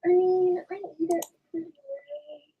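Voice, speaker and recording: Young woman co-host, high and bouncy, gravelly edge, mic far off with faint hiss. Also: expressive, moderate pace, phone-quality sound. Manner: teasing, playful. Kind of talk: casual chat. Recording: distant voice with faint noise.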